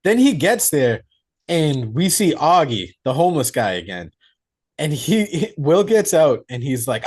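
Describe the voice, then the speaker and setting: A man's voice: fairly high pitch, expressive, moderate pace, creaky. A man co-hosting a casual movie review podcast, acting out scenes in put-on voices and swearing freely. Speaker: podcast co-host.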